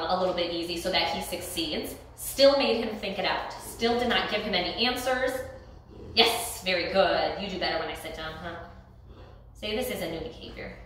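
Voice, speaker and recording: A woman training her dog, calmly explaining each step and breaking into high-pitched praise for the dog. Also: moderate pace, slight background noise. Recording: very echoey room.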